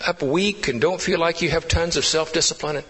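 Pastor guy preaching, voice up high, lots of passion then drops real quiet, big echoey church. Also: moderate pace, husky. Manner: impassioned preaching that drops to hushed, intimate lows. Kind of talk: sermon.

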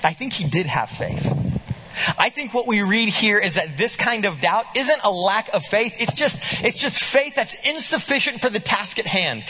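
A man preaching a sermon, reading scripture aloud and pressing his listeners with animated, emphatic questions. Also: high-pitched, moderate pace, husky. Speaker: pastor.

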